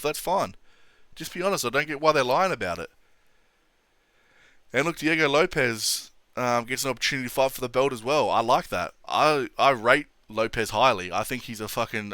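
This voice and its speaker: A man's voice: mid-range voice, pushed and bright, clear, resonant tone, no echo. A young man hosting a casual MMA opinion vlog, blunt and sweary, laughing often. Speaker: MMA commentary channel host.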